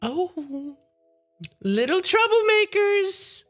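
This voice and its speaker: A woman's voice: very high-pitched, big pitch swings, soft background music, voice pushed up, full character voice. A woman voicing a sweetly menacing old hag who presses tea on her guests and calls everyone dearie. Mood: cloying. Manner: cloying, calls everyone dearie, drawn-out words.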